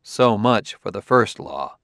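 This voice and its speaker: A man's voice: fairly low pitch, lively intonation, slow pace, a bit bright, dry recording, studio quality, heavily acted. A man voicing an insistent adult male detective who presses his questions methodically, read as an audiobook character.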